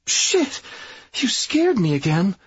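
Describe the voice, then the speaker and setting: A man doing a high, jumpy woman. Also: wildly swooping pitch, slow pace, husky, no room sound, muffled recording, exaggerated voice. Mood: startled. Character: woman Chris, jumpy and indignant.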